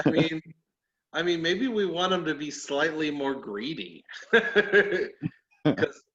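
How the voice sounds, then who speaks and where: A man from Ohio talks in a rambling, animated way on a casual sports podcast, laughing often. His voice sits a little high with a bright, forceful edge. The recording is dull and lo-fi. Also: slow. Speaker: podcast co-host. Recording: dull lo-fi sound.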